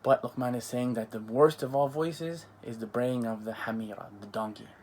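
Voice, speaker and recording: A man gives an informal sermon with a middle-range voice. He speaks animatedly, drops softly at times and rises for emphasis. His talk is loose and conversational, full of restarts. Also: mid-range voice, normal speed. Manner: animated, mimics others in asides, frequent restarts. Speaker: Islamic preacher. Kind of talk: religious talk on parenting.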